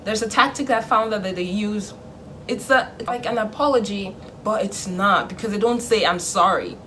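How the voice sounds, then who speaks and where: A young woman vlogging in casual chat, animated, acting out her parents in a hushed voice. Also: mid-range voice, normal speed, a little hiss or hum.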